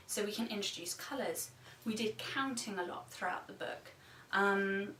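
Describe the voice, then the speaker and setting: A woman teacher giving a read-aloud tutorial for early years, animated and full of gasps and animal sounds. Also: medium pitch, slight background noise. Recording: roomy sound from a distance.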